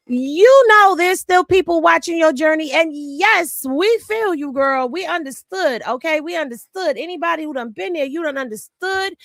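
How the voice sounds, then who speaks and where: Talking directly to her viewers, a blunt, sassy commentary host reacts casually from a home room with rain drumming on a tin roof. Her high voice is gravelly and fairly bright, and the recording is dry with clean studio sound.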